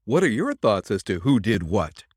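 A man hosting a podcast, reading a classic story aloud in an expressive, theatrical way. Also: fairly low pitch, normal speed, dry recording, clean studio sound. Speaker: podcast host and story reader.

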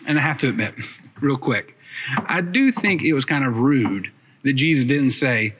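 A man's voice: mid-range voice, expressive, normal speed, fairly bright tone, slight background noise. A man preaching a sermon, retelling the story conversationally with casual asides.

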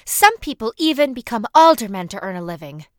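A woman's voice: on the high side, very animated, a little fast, no room sound, studio quality. A woman voicing an anxious, earnest young girl who pleads and explains in a storybook reading.

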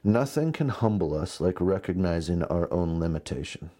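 A man in his thirties delivers a sermon in a relaxed, conversational way, slipping into stories and asides. His voice sits on the low side and sounds warm and mellow. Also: moderate pace. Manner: conversational, animated storytelling with asides. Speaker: pastor.

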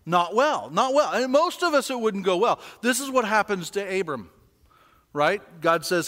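A man preaching a sermon as pastor, conversational and asking the congregation questions, swinging from quiet to loud. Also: sits high, animated, moderate pace, big-room sound.

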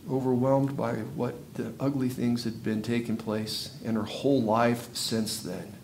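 A male pastor giving a sermon, telling a story vividly and swinging from hushed, slow passages to loud, intense ones. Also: mid-range voice, little pitch movement, a little hiss or hum.

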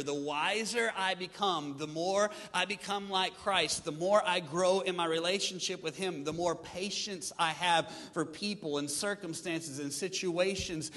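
A pastor preaching a sermon with lively delivery, acting out his listeners' excuses in changing voices. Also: high-pitched, normal speed, hardly any pauses, long reverb tail. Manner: animated preaching, mimics congregants' excuses.

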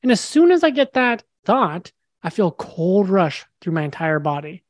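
A man's voice: sits high, big pitch swings, normal speed, dry recording, clean studio sound. A young man, a podcast guest, tells a story animatedly and acts out the dialogue. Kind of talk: storytelling in a casual interview.

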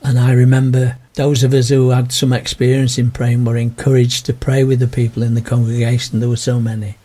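Mellow, husky older man. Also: mid-range voice, completely flat delivery, brisk. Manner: gentle, earnest storytelling. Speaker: interviewee. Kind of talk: reflective personal testimony.

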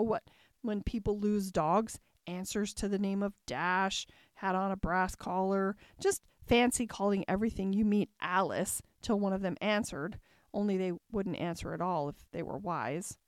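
A woman's voice: mid-range voice, normal speed, dry recording, studio quality, natural voice. A woman voicing Alice, a curious young girl who chatters and wonders aloud to herself in a storybook reading. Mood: wondering.

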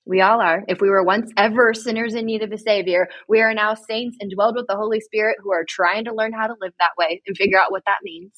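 A woman giving earnest, direct faith-based advice to parents, retelling a story with lively asides. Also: medium pitch, quick pace, few pauses, slightly rough, dry recording. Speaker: guest speaking to parents.

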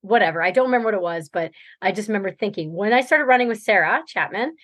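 A woman's voice: mid-range voice, lively intonation, quick pace, a bit bright, no echo. A woman guest on a podcast, recounting a race in loose, rambling talk and laughing often. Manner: rambling storytelling, laughs often, many fillers. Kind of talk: casual interview chat.

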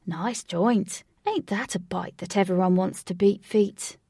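A woman's voice: mid-range voice, a little slow, dark tone, husky, no room sound, studio quality. A woman voicing a small, suave, self-assured man who talks with a cool, slangy swagger.

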